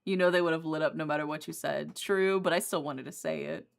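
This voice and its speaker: Low, raspy-edged woman streamer reading a game aloud; blunt, sweary, laughs a lot. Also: steady tone, fairly quick. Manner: blunt and profane, laughs often. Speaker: streamer playing a visual novel. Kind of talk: reading game narration and casual chat.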